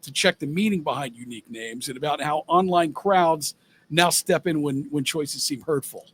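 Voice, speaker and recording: A man co-hosting a podcast, reading out news stories in a measured way, with frequent "uh" fillers. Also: fairly high pitch, fairly bright tone, slightly rough. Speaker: co-host.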